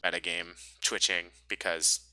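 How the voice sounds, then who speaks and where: A man narrating as game master of a tabletop game, halting and full of fillers as he describes the scene. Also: sits low, little pitch movement, bright, forceful tone, no room sound, poor audio. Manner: halting, filler-heavy narration with self-corrections.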